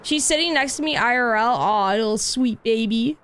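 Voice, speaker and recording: A woman streaming a video game in casual chat, cooing over cute cats and lapsing into soft baby talk to her pet. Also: on the high side, normal speed, clean tone. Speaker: livestreamer. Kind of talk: casual gameplay livestream chat.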